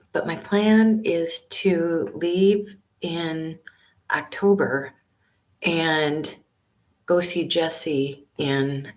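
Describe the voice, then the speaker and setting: Low-voiced woman in her fifties whispering. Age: 50s. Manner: hushed, half-whispered talk with many fillers. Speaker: van-life vlogger hosting a live stream. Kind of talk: casual live-stream chat with viewers. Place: small library study room. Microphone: laptop webcam and built-in mic.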